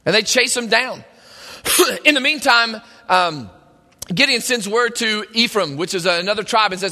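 A man preaching a sermon, retelling a story in an animated, conversational way. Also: high-pitched, a little slow. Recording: long hall reverb.

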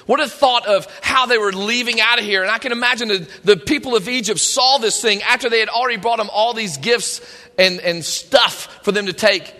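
In a big, echoing hall, a pastor delivers a sermon in a high, sharp voice, moving a little fast. He recounts scripture passages and gives the quoted speakers forceful voices.

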